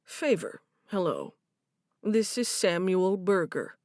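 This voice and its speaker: Lady reading a steady slow-talking man with bad news, lively tone, dry close mic. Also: fairly low pitch, no echo, exaggerated voice. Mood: somber. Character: calm grown man delivering bad news. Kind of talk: audiobook character voice.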